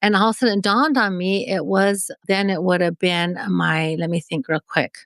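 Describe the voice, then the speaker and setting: A woman's voice: on the low side, steady tone, normal speed, a bit bright, no room sound. A woman in her forties from Mexico, a podcast guest telling an emotional personal story and acting out the dialogue. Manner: vivid, acts out remembered dialogue.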